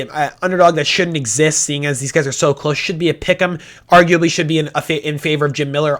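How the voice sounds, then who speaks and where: A man's voice: on the high side, fairly bright tone. A man hosting a casual fight predictions talk, blunt and opinionated, swearing often and restarting sentences. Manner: fast talking with restarts.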